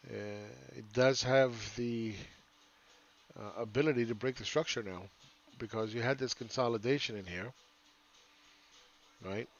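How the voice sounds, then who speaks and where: A man's voice: mid-range voice, unhurried, highs cut off. A man giving casual, rambling live chart commentary as a market analyst, often asking "right?".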